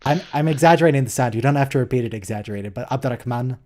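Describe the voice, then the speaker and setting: Hosting a laid-back live watch-along, this American man teases a viewer and jokingly coaches their pronunciation. His mid-range voice has a darkish tone, and he talks at a racing clip.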